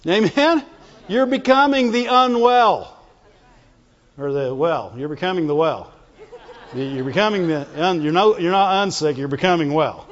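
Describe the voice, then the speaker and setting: A man's voice: high voice, measured pace. A man preaching a fervent sermon, repeating phrases and calling out to his congregation. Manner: fervent, repetitive call-and-response preaching. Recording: dull lo-fi sound with long hall reverb.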